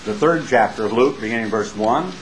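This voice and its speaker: A man's voice: lowish voice, expressive, fast talker, noisy background. A man preaching a sermon in a folksy, emphatic way, building up with rhetorical questions and homespun asides.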